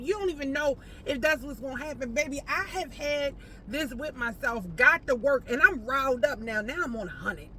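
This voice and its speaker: A woman entrepreneur chatting casually to camera while parked outside a post office, animated and playful, calling the viewer baby. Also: high-pitched, slight background noise. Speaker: entrepreneur vlogger.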